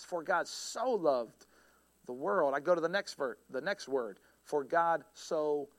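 High-voiced folksy pastor. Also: male voice, a bit bright. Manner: folksy, joking, conversational preaching. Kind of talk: sermon.

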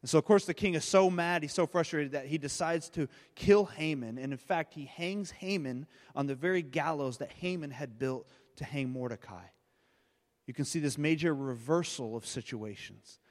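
A man's voice: fairly high pitch, normal speed, big-room sound. A man preaching a sermon, retelling a story and often repeating his words as he goes. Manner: storytelling with frequent word repeats. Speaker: pastor.

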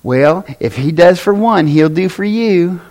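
A man with a Tennessee accent preaching a folksy sermon, swinging from shouted passages to quiet asides. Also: high-pitched, lively intonation, measured pace.

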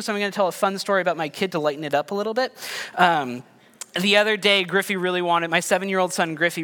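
Bright-voiced man preaching in a church. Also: high voice. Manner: conversational, self-deprecating, tells family stories. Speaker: pastor. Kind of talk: sermon. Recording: long hall reverb.

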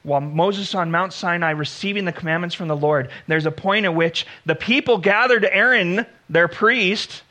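Bright, high-voiced male preacher. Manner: earnest preaching, slows for emphasis, acts out biblical dialogue. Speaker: pastor. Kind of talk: sermon.

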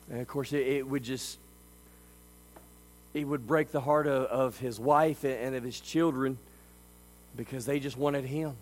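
A man preaching a sermon as a pastor. He delivers it emphatically, swinging between quiet stretches and loud ones. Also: medium pitch, steady tone, a little slow, rough recording.

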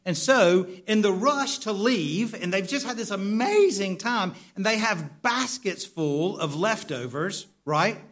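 A man's voice: high voice, measured pace, hardly any pauses. A man preaching a sermon in a conversational way, often stumbling and repeating words while he calls out to his congregation. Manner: animated, calls for responses from the congregation. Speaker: pastor.

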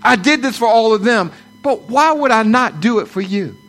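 A man's voice: high voice, animated, moderate pace, fairly bright tone, faint music behind. A man in his forties preaching a sermon, repeating lines for emphasis and building to fervent declarations.

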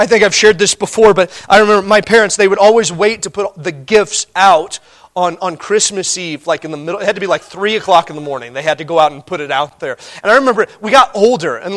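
A middle-aged man preaching a sermon as pastor, conversational and animated, laughing often. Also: high voice.

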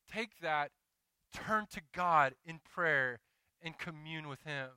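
A man's voice: fairly high pitch, takes it slowly, sharp tone, clean tone, dry recording. A married man preaching a sermon as pastor, moving between conversational confession and emphatic exhortation. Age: adult, married.

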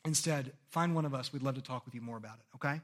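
A man's voice: mid-range voice, fast talker. A man preaching a sermon as a pastor, earnest and conversational, often checking in with "okay?" and swinging his delivery dramatically when reading scripture.

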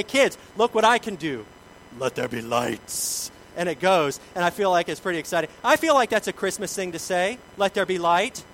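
A middle-aged man preaching a sermon, telling stories about himself in an animated way, with big swings in loudness. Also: high-pitched, a little hiss or hum, poor audio. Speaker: pastor.

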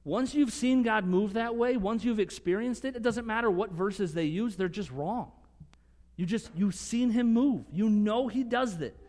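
Guy preaching, kinda high voice, earnest, big echoey hall, gets loud then goes real soft. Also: lively intonation, normal speed. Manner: earnest, rising to emphatic conviction, dropping to soft near-whispers. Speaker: pastor. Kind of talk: sermon.

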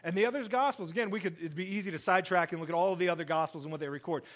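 A man preaching with a slightly raised pitch, reading scripture and commenting on it. He talks in an animated way, dropping low and soft for solemn lines and jumping up when he acts out what people said. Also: racing. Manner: animated, acts out quoted speech, lively shifts in pitch and volume. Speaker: pastor. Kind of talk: sermon, Bible reading and commentary.

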